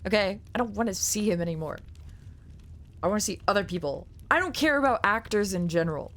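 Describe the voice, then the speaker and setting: Ranty, animated young woman streamer. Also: medium pitch, fairly quick. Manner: rambling, swears, ranty with mocking put-on quotes. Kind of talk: casual live-stream chat.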